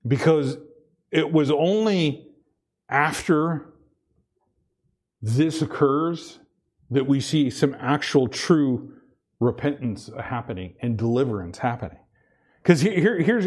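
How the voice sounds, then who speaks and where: A man's voice: medium pitch, darkish tone. A man preaching a sermon, earnest, repeating himself and restarting phrases as he presses his point. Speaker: pastor.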